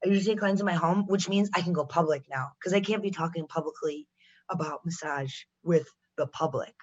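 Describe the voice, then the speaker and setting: A woman from Chicago, a guest on a podcast, chatting casually with animated, swearing asides. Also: fairly low pitch, brisk, breathy edge, muffled recording.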